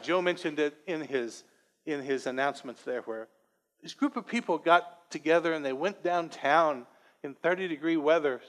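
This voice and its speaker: A man's voice: fairly high pitch, fairly bright tone. A man preaching a sermon as pastor, rambling and emotional, with self-deprecating humor, in a church sanctuary. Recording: long church-hall reverb.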